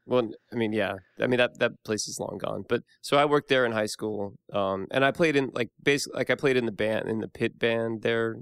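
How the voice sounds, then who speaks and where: A man's voice: mid-range voice, fairly quick, few pauses, a bit bright, smooth, dry recording, clean studio sound. A man in his thirties, a guest on a podcast, rambling in casual chat with many restarts and fillers.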